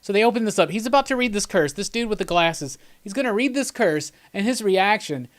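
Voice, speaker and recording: A man's voice: high-pitched, expressive, brisk. A man hosting a live commentary, talking casually and enthusiastically, rambling and laughing as he chats with viewers. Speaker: host of live movie commentary.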